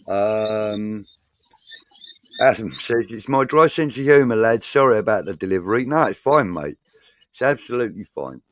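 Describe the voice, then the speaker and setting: A man's voice: fairly low pitch, lively intonation, normal speed. A man co-hosting a casual football fan chat, reading viewer comments aloud and bantering with a bit of swearing.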